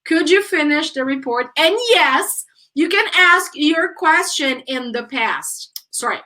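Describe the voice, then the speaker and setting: Woman English teacher, high pitch, slow unhurried lively delivery. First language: Portuguese. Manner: lively, chatty, acts out exasperated example questions. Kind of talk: online English grammar lesson.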